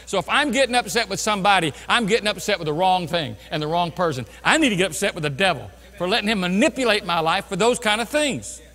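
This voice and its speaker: A man with a high-pitched voice preaches a sermon from a church sanctuary, and his words ring out in a long hall reverb. He swings from loud, emphatic bursts down to hushed, lower passages. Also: expressive, fast talker, few pauses. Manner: preaching with sudden loud bursts and drops to quiet. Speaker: pastor.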